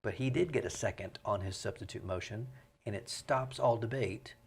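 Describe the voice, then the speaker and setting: A middle-aged man, a mayor and pastor speaking as a guest in a relaxed interview, explaining things in a measured way. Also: fairly low pitch, creaky, slightly rough. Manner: measured, explanatory, breaks into rhythmic vocal imitations.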